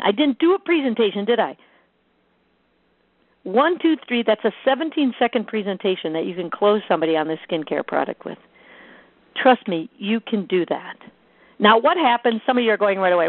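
A woman's voice: fairly high pitch, no room sound. Woman sales coach on a tinny phone line. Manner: energetic, emphatic, repeats key phrases. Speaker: sales trainer. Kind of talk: coaching talk to a sales team.

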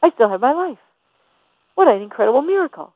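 A woman's voice: sits high, very animated, fast, a little hiss or hum. A woman giving a faith-based motivational talk, emphatic and full of rhetorical questions. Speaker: motivational teacher. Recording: tinny phone-like dry sound.

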